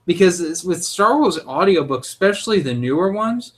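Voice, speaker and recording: A young man with a fairly high voice talks in a casual chat. He is opinionated and animated and cracks crude jokes as he goes. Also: moderate pace. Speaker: podcast co-host.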